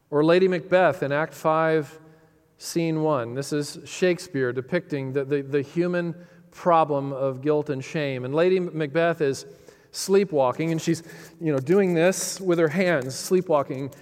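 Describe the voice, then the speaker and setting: A man preaching a sermon, emphatic and dramatic, lifting his voice on key phrases and sinking low and quiet for serious points. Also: smooth. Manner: dramatic pauses, quotes lines with feeling. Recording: long hall reverb.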